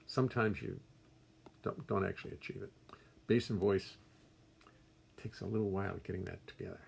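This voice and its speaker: A man's voice: deep voice, fairly even intonation, moderate pace, gravelly, a little hiss or hum. An older man hosting a casual livestream from his music studio, reading out viewers' names and greeting them with wry jokes. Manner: chatty, warm greetings, wry self-deprecating jokes.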